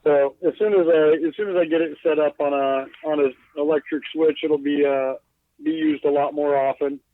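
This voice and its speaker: Profane glassblower on a tinny phone line. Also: male voice, a little high, fairly even intonation, normal speed. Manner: loose, profane, self-deprecating, lots of fillers. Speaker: guest glassblower. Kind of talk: casual podcast interview. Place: inside his bus.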